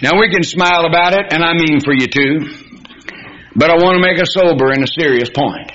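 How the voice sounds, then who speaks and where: A man's voice: on the high side, a little fast, fairly bright tone. A man preaching a sermon in a folksy, storytelling way that rises to emphatic peaks. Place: church hall. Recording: dull, echoey hall recording.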